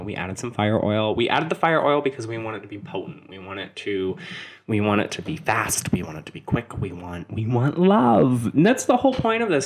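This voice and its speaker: A man's voice: mid-range voice, slightly rough. A young man talking through a spell-making tutorial in a chatty, sarcastic way, often wandering off onto side topics. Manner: chatty, sarcastic asides, jumps between topics. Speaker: witchcraft video host.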